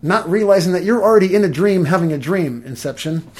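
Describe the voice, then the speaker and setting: Animated man telling stories. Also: high-pitched, fast. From Los Angeles. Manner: animated, swears, laughs through his stories. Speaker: guest, energy healer. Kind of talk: casual storytelling in conversation.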